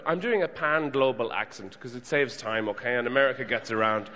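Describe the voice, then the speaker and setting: A man's voice: medium pitch, fairly quick, hardly any pauses, bright, forceful tone. A man doing wry stand-up comedy, telling a story as a rant. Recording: long hall reverb.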